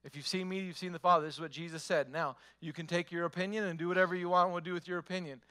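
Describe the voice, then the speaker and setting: A man's voice: high-pitched, steady tone, racing, sharp tone, clear, resonant tone. A male pastor preaching a sermon, emphatic, repeating phrases and asking the congregation rhetorical questions.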